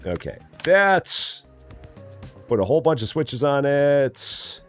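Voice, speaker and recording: A man streaming a game live, chatting casually and often muttering quietly to himself as he works. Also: mid-range voice, sing-song, slow pace, faint music behind. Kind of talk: casual live gameplay commentary.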